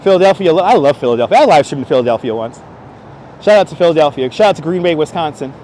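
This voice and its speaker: A man's voice: a little high, animated, fast, a little mellow, a little hiss or hum. A man chatting casually with viewers while live-streaming as he walks city streets, greeting them by name and joking. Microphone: wireless clip-on mic.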